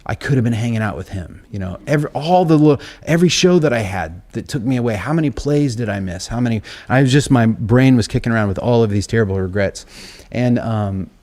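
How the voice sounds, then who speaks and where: A man's voice: mid-range voice, expressive, quick pace, darkish tone. A middle-aged man, a guest telling a rambling, self-deprecating story on stage before a live audience. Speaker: interview guest, songwriter and author. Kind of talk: live onstage conversation.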